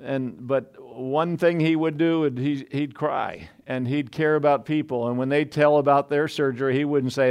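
A man's voice: mid-range voice, moderate pace, few pauses, a little mellow, clean tone. A man preaching a sermon in a conversational way, full of asides and restarts.

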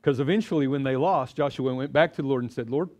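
A man's voice: medium pitch, quick pace, a little mellow. A middle-aged man teaching a Bible seminar to a live audience, chatty and quizzing them as he goes. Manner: chatty, asks audience questions, acts out quotes.

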